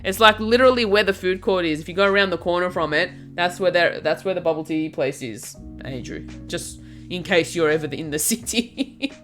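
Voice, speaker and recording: A woman's voice: on the low side, brisk. A woman streamer chatting casually with her viewers while she knits, giggling often and reading their names aloud. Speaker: craft streamer. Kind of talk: casual chat while knitting. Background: soft music.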